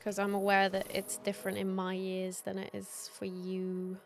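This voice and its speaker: A woman's voice: mid-range voice, monotone, normal speed, vocal fry. Woman thinking aloud over a game. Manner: thinks aloud, trails off mid-sentence. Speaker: streamer. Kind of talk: casual gameplay commentary. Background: game music.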